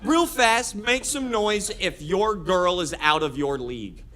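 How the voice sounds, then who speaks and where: A man's voice: sits high, lively intonation, a little slow, heavy background noise. A man doing a stand-up comedy set on a club stage, talking energetically to the crowd with frequent laughs and restarts.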